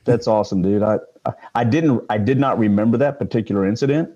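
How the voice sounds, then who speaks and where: A man's voice: on the low side, quick pace, dark tone, highs cut off. An older man, a retired police sergeant, telling stories in a casual interview, rambling with many fillers and restarts.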